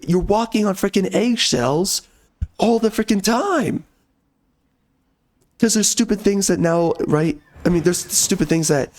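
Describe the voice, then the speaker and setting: A man rants bluntly through casual gameplay commentary, tossing in mild minced swears. His voice is hoarse, fairly high in pitch, and a little mellow.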